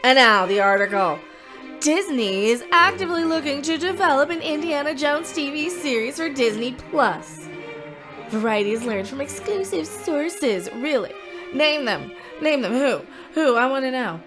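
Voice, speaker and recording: A woman's voice: high voice, expressive, normal speed. Sarcastic woman ranting over music. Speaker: commentary channel host. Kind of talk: ranting commentary vlog. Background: background music.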